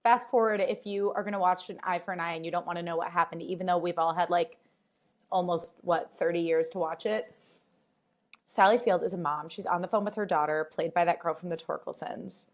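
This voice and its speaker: A woman hosting her own podcast, telling stories in a casual, animated way, full of fillers and swearing, and acting out the voices she quotes. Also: on the low side, brisk. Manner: chatty, filler-heavy, swears freely. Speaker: podcast host. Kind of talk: casual chat.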